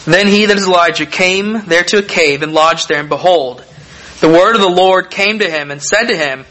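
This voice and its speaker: A man preaching a sermon, reading scripture aloud and explaining it in a measured, deliberate way with emphatic pauses. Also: sits high, pushed and bright, poor audio.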